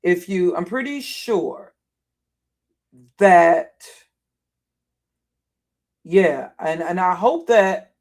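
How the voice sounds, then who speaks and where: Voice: mid-range voice, expressive, very slow, pauses often, a little mellow. A live streamer talking casually while browsing, thinking aloud, often repeating and restarting phrases as frustration builds.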